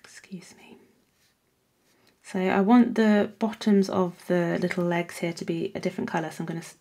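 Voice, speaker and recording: A woman hosting a painting tutorial, chatting casually as she works and often dropping into soft whispers. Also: fairly low pitch, steady tone, normal speed. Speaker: art workshop host.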